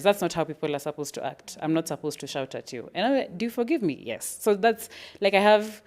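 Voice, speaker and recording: A woman's voice: lowish voice, a little fast, hardly any pauses. A woman speaking frankly about parenting, acting out little scenes as she talks. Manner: frank, animated, acts out little scenes with laughs. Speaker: parent sharing at a parents' event. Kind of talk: candid reflective talk.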